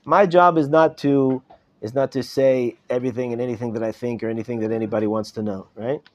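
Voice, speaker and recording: Middle-aged rabbi chatting through a class, mellow voice, kinda muffled recording. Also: male voice, medium pitch, fairly even intonation, fast talker. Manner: conversational, repeats words and asks "right?" often. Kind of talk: informal Torah class to students. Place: classroom in a study hall. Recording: dull live class recording.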